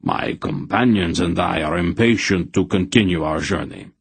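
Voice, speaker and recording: A man's voice: low voice, moderate pace, vocal fry, breathy edge, no room sound, full character voice. A man voicing a haughty male knight who speaks in formal, mock-courteous archaic phrases. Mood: smug.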